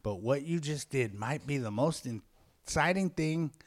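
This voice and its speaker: A sly, lecherous little dwarf, played by a man reading aloud, wheedling and eager. His pitch bounces around a lot. The whole thing is overplayed for laughs. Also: expressive, a little slow.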